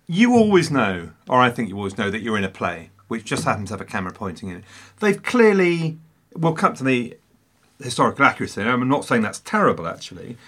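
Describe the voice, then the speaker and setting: A man's voice: medium pitch, big pitch swings, fast, a bit bright. A man talking films in a casual chat, his voice swinging widely up and down as he makes his case. He sounds theatrical and emphatic, and he teases his co-host as he argues. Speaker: podcast co-host. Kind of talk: casual film discussion.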